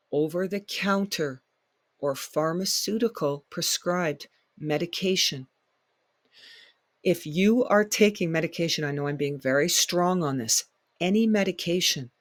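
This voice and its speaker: A man's voice: fairly high pitch, measured pace. A man with a slightly raised voice leads a fitness workshop, pressing his points with emphatic repetition. The sound is dry and close, with no room echo. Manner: emphatic, repeats key points, acts out client reactions. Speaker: fitness instructor. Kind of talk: workshop lecture.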